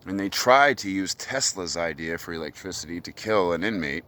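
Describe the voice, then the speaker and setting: A man with a very low, heavy voice rants on his own, swearing freely and sounding agitated. He is outdoors on a hilltop, with a faint wash of open-air ambience behind him. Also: lively intonation, normal speed, sharp tone, a little hiss or hum. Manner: ranting, profane, agitated monologue. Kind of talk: solo rant to camera.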